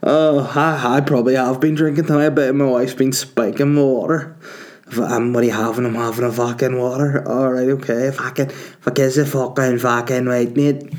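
A man's voice: mid-range voice, fairly even intonation, moderate pace, a little mellow. A man, getting over a cold, rambling through a sweary, self-mocking podcast monologue and laughing at his own jokes. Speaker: comedian hosting a podcast.

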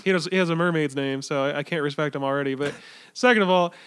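A man's voice: fairly high pitch, fast talker, fairly bright tone, clear, resonant tone. A man in his late twenties co-hosting a podcast, telling rambling profane stories with lots of laughing. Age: 20s. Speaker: podcast co-host. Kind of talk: casual chat.

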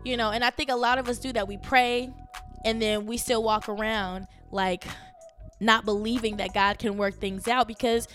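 A woman in her thirties hosting her own podcast from home, chatting casually and animatedly, laughing and jumping up high when she quotes her own thoughts. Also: fairly even intonation, normal speed, fairly bright tone, soft background music. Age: 30s. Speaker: podcast host. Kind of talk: casual solo podcast chat.

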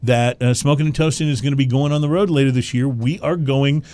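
A man's voice: mid-range voice, brisk, mellow, a little hiss or hum. A man hosting a casual chat show, laughing often and restarting his sentences. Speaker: podcast host.

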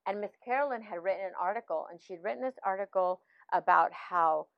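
A middle-aged woman recounts a personal faith testimony in an animated, conversational way, full of fillers and restarts. Her voice sits at an ordinary pitch for a woman. The recording is dry and a little dull, as if captured through modest gear. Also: fairly quick, vocal fry, dry recording. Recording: dull, slightly lo-fi, dry sound.

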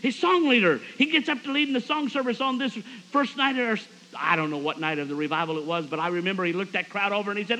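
A man's voice: high-pitched, fast talker, few pauses, rough recording. A man preaching a storytelling sermon at a camp meeting, acting out the people he quotes. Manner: animated, acts out quoted voices.

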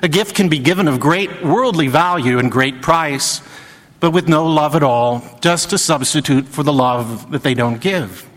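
A man's voice: on the high side, normal speed, fairly bright tone. A man, a parish priest, giving a Sunday homily built around anecdotes and a joke. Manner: storytelling homily with acted quotes. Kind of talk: sermon. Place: church. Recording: long church reverb.

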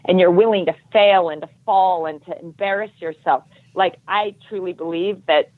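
Podcast guest, middle-aged woman, earnest storyteller, lowish voice, muffled dry sound. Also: normal speed. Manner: earnest, animated storytelling with acted-out quotes. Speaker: podcast guest, triathlon coach.

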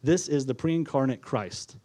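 A man's voice: mid-range voice, unhurried, dark tone. A male pastor preaching a sermon to his congregation in an earnest manner, repeating key phrases and putting questions to the listeners. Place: church before a congregation.

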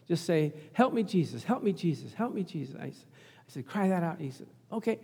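A man's voice: fairly high pitch, expressive, brisk, gravelly, a little mellow, breathy edge, long reverb tail. A middle-aged male pastor preaching a sermon, telling a family story and calling out for amens. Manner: storytelling, acts out quoted voices, calls for amens.

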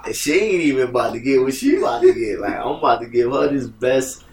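A man's voice: mid-range voice, expressive, fast, a little mellow. A man telling a story in casual chat as a podcast guest. He swears a lot, laughs often and acts out voices. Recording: distant mic with faint background noise.

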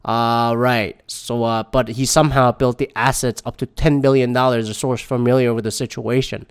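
A man's voice: medium pitch, little pitch movement, moderate pace, smooth. A man reading a news article aloud and breaking off into profane, rambling, sarcastic asides in casual commentary.

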